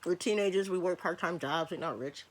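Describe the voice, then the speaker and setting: A woman's voice: on the low side, a little fast. A woman in her thirties from Michigan, chatting casually through a lunch mukbang vlog in her bedroom. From Michigan, USA. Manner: chatty, laid-back, fillers like um and like. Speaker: vlogger.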